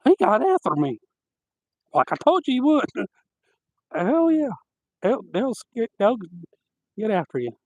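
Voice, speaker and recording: A man telling rambling, animated stories on a live stream, outdoors at night. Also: very high voice, slow, pauses often, dry recording, muffled recording. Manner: rambling, animated anecdotes with laughter. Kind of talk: casual outdoor storytelling.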